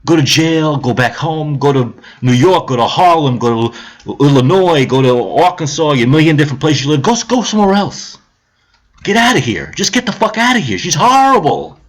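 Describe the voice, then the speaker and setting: A man's voice: a little high, sing-song, normal speed. A man ranting on a live stream about politics, heated, sarcastic and profane, repeating his points.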